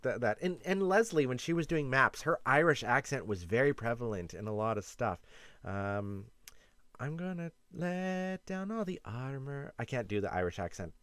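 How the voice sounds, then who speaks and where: Canadian guy rambling excitedly about results, low-ish smooth voice, lots of ums. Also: dry recording. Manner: enthusiastic, rambling, filler-heavy. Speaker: YouTuber and radio host. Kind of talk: casual reaction commentary.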